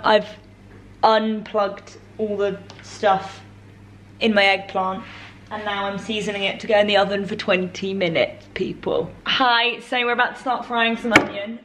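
A woman's voice: medium pitch, a bit bright, slight background noise, low-quality recording. A young woman with a British accent chatting casually to camera, narrating her day and her cooking with self-mocking asides. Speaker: vlogger. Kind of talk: casual vlog chat. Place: home kitchen.

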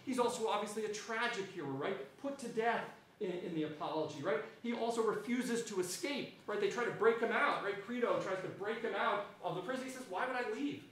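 High-pitched lecturer in an echoey hall. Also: male voice, brisk, hardly any pauses, distant mic, slight background noise. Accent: New Zealand. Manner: animated, frequent "right?" tag questions. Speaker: history lecturer. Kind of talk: public lecture.

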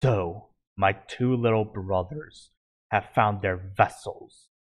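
A man reads from a storybook as a gloating, murderous ancient male werewolf. He speaks slowly and menacingly in a fairly low voice.

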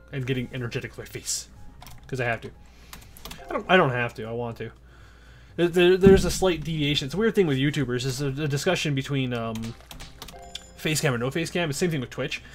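A man commentating his own gameplay, chatty and out of breath, muttering orders and counting under his breath. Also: medium pitch. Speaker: gaming YouTuber. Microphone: desk mic with face cam.

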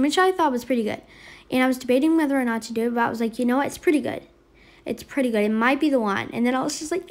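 A high-voiced young woman talks through her game trades in a casual voiceover. She is excitable and chatty, full of fillers and "I was like" asides. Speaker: gaming vlogger. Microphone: voiceover mic.

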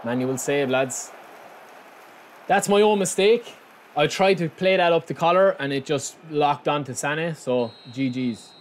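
A man with an excitable manner, commentating live on his own football video game and talking straight to his viewers. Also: on the high side, unhurried, slight background noise. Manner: excitable, shouts and groans at the play, addresses viewers as lads. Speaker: gaming channel host.

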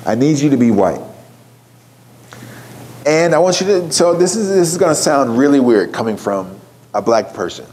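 A man's voice: medium pitch, sing-song, moderate pace, long pauses, darkish tone. A man giving a keynote talk, telling a story in a conversational way and putting questions to a live audience. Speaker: keynote speaker.

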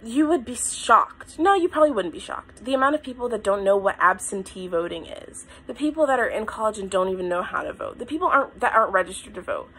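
A woman's voice: mid-range voice, lively intonation, fast, hardly any pauses, fairly bright tone, breathy edge. A woman vlogger from the United States talking straight to her camera, blunt and impassioned, at times tearful. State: tearful, crying. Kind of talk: emotional talk to camera. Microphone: phone or camera mic.

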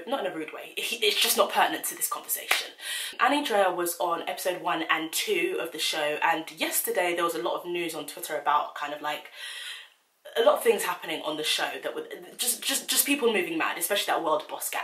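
Girl in her 20s chatting frankly on her vlog, lowish voice, kinda echoey room. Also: a little hiss or hum. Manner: chatty, frank, animated retelling. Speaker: YouTuber. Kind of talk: casual commentary vlog. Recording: roomy echo.

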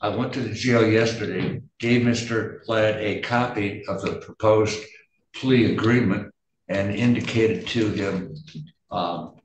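Lower-voiced male attorney heard from afar. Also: steady tone, measured pace, slight background noise. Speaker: defense attorney. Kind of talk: courtroom proceedings. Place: courtroom. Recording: roomy, distant courtroom sound.

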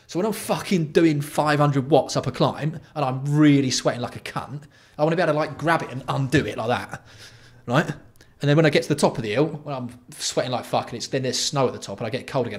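A young man hosting a livestream, reading product copy aloud and mocking it with sweary, exasperated commentary. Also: medium pitch. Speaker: livestream host.

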